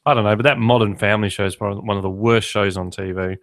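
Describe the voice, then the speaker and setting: A man's voice: on the low side, steady tone, rapid-fire, fairly bright tone. A man hosting a podcast in casual chat, tossing in dry jokes and asides. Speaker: podcast host.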